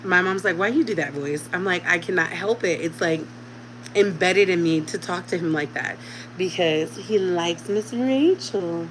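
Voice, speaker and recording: A woman's voice: fairly low pitch, fairly even intonation, moderate pace, fairly bright tone, slight background noise, poor audio. A woman in her thirties, a mother talking casually at home to her channel's viewers, chatty and direct with them. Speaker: vlogger. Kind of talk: casual chat to camera.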